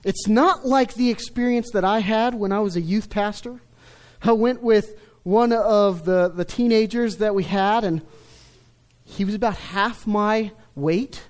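A middle-aged man preaching a sermon, stressing key words loudly and then dropping to a hush. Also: sits high, unhurried. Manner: emphatic, swings between loud stresses and hushed lines. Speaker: pastor.

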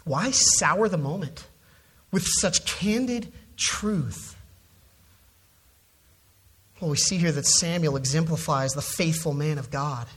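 Slow steady preacher going verse by verse, leans on words hard, says "it, it, it" when restarting. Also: medium pitch, husky. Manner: emphatic, stresses key words, repeats words when restarting. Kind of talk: expository sermon.

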